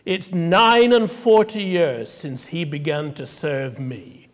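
A woman's voice: low-pitched, slow pace. A man reading as a humble old countrywoman in a hall. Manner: plain-spoken, dialect words, read aloud. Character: pious old Scottish countrywoman, bedridden, humble.

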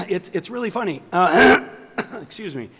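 A man's voice: sits high, animated, measured pace, pushed and bright, slightly rough. Older man lecturing in a reverberant hall. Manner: thoughtful, rambling with restarts and chuckles. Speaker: seminary professor. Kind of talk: lecture with audience questions.

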